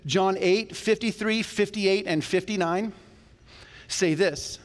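A male pastor preaching a sermon in a church, talking to the congregation in a conversational, animated way with jokes along the way. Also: high-pitched, takes it slowly. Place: church sanctuary. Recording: long reverb of a church hall.

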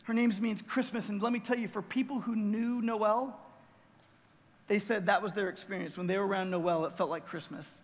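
A man's voice: high-pitched, fairly even intonation, brisk, big-room sound. A man preaching a sermon as pastor on a church stage, telling a story earnestly and with emotion.

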